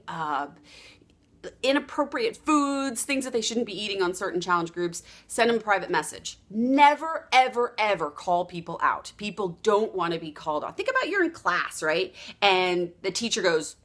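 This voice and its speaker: Woman sales coach, animated, acts out little dialogues, lively pitch. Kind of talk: motivational training talk.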